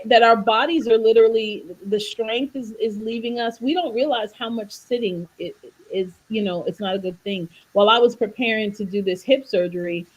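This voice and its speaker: A woman's voice: mid-range voice, slightly rough, rough recording. A woman wellness coach on a video call, talking about faith and health and acting out voices when she tells a story. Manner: animated storyteller, preachy, acts out voices in jokes. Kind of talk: faith-based wellness talk on a livestream.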